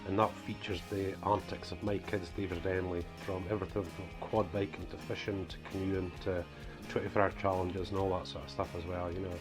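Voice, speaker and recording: Over music, a northeast Scottish author and preacher with a softened accent presents his book series to camera. His low voice moves little in pitch and runs a bit fast, and he rambles casually, full of "you know" and "guys."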